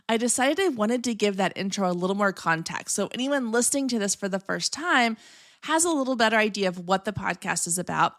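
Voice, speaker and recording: An upbeat woman in her thirties hosts a solo podcast. She talks in a chatty, friendly way at a mid pitch. The sound is close and dry, with no room echo. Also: a bit bright. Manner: upbeat and chatty, self-described long-winded. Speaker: podcast host.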